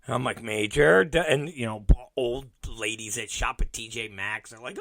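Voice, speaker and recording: A man's voice: mid-range voice, moderate pace, gravelly, fairly bright tone, dry recording. A middle-aged man hosting a podcast, telling a long profane family story and acting out every quote. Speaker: podcast host. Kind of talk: storytelling monologue.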